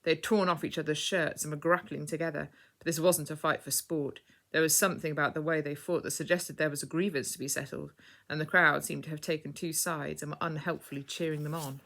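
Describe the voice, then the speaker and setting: A woman reading a children's story aloud in clear, measured scripted narration. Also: deep voice, fairly even intonation, a bit bright.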